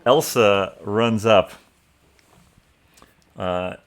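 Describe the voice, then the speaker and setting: A man narrating a tabletop game as game master, in a relaxed, halting way with many fillers. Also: on the low side.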